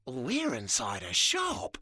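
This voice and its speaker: A storyteller voicing a timid, doubtful young girl who speaks hesitantly and quietly. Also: mid-range voice, huge pitch swings, a little slow, dry recording, studio quality.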